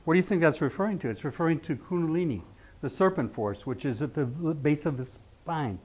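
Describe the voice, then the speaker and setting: On a dull lo-fi recording, a middle-aged astrology teacher lectures his class in a conversational way, frequently asking rhetorical questions. He sounds expressive and fairly quick, with a voice on the high side and a darkish tone.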